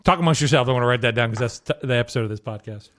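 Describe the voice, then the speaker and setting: A man's voice: mid-range voice, very fast, a bit bright, dry recording, clean studio sound. A man hosting a podcast in casual chat, joking around with playful made-up words. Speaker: podcast host.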